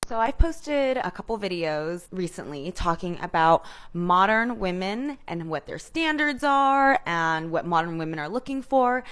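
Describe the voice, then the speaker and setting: A woman's voice: on the low side, fairly bright tone. A woman talking to camera in a chatty, reflective vlog. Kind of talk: casual vlog commentary.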